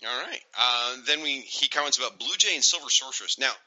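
A man's voice: medium pitch, quick pace, sharp tone. A man co-hosting a casual podcast, reading listener mail and laughing often. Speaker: podcast co-host. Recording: dull lo-fi sound.

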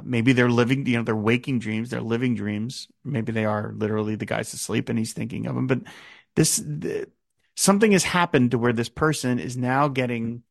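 A man in his fifties talks over a song on his podcast with a gravelly, creaky voice. He muses aloud, restarting sentences and filling pauses with "uh". The sound is dry and close, with no room echo. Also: medium pitch. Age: 50s. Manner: musing, with many fillers and restarts. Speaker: podcast host. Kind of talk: casual podcast talk about a song.

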